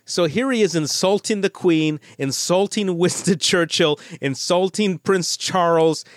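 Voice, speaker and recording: A middle-aged American man co-hosting a casual movie podcast, chatty and animated, often restarting his sentences. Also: high voice, measured pace, dry recording, studio quality. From United States. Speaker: podcast co-host.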